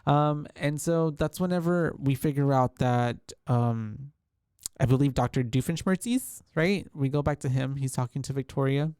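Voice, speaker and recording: A man with a smooth, clear voice talks through a movie plot in easygoing podcast chat. He fills gaps with ums and slips into quoting the characters. The sound is close and dry. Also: mid-range voice, normal speed, darkish tone, no room sound. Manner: retells scenes with acted quotes, many ums. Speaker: podcast co-host. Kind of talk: casual movie recap chat.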